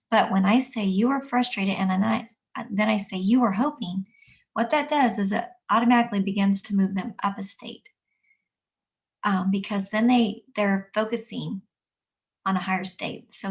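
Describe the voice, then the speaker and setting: A woman teaching adults about guiding upset children, explaining calmly and repeating her key points. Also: medium pitch, normal speed, vocal fry. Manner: calm, repetitive, explanatory. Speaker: early childhood trainer. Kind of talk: instructional talk.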